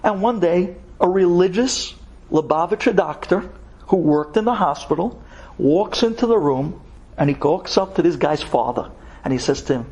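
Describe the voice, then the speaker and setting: Man, rabbi, dramatic storytelling, husky, high voice, emphatic. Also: normal speed. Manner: animated, conversational, emphatic.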